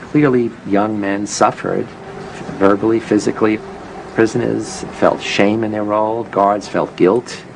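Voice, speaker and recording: A man's voice: fairly low pitch, fairly even intonation, a little slow, creaky, noisy background. An older man being interviewed as a psychologist, reflective and self-critical.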